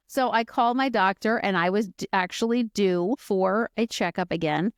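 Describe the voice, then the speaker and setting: A woman's voice: mid-range voice, measured pace, clear, resonant tone, dry recording, studio quality. Candid, chatty middle-aged woman host. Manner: candid, chatty, with many fillers and asides. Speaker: podcast host. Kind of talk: personal storytelling monologue.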